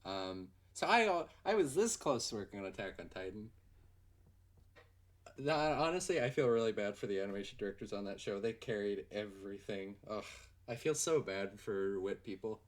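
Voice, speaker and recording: A young man hosting a casual livestream Q&A, rambling and excitable with lots of fillers. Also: lowish voice, moderate pace. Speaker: livestream host and animator.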